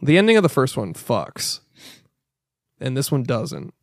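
A man's voice: medium pitch, wildly swooping pitch, unhurried, no echo, studio quality. A young man co-hosting a podcast in casual chat, rambling and swearing, often slipping into goofy put-on voices. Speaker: podcast co-host.

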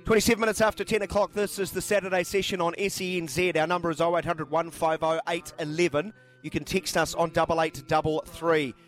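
A man's voice: fairly high pitch, level tone, quick pace, hardly any pauses, faint music behind. A man hosting talkback sports radio, chatting and reading out listener texts. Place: radio studio.

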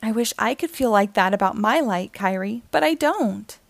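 A woman's voice: medium pitch, animated, moderate pace, gravelly, no room sound. A woman voicing a shy, unhappy young female firefly who talks in a defensive, sulky way in a storybook reading. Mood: sad.

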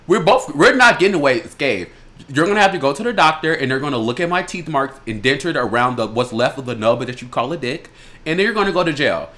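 Bright, brash man cohosting a podcast. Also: fairly high pitch. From Chicago. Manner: loud, animated and crude, quick bursts of laughter. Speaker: podcast co-host. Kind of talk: casual chat.

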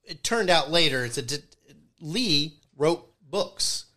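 Young male host, slightly higher voice with a lively swing; relaxed, rambling storyteller. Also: slow pace. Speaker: podcast host. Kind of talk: casual storytelling chat.

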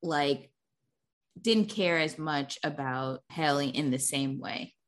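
A woman co-hosting a casual chat about a film, with a somewhat low voice. She talks things through thoughtfully and laughs easily along the way. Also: slow. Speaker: podcast co-host.

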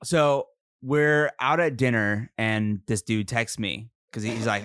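A man's voice: fairly low pitch, fairly even intonation, normal speed, vocal fry, fairly bright tone, dry recording, studio quality. A man guesting on a podcast, telling a rambling travel story with sidetracks and frequent laughs. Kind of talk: casual storytelling.

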